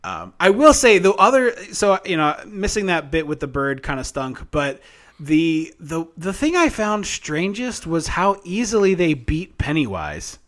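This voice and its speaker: A man's voice: fairly high pitch, sing-song, a little slow, a bit bright. A man co-hosting a podcast, chatting enthusiastically about a film with lots of fillers and restarts. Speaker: podcast co-host. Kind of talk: casual chat, film review.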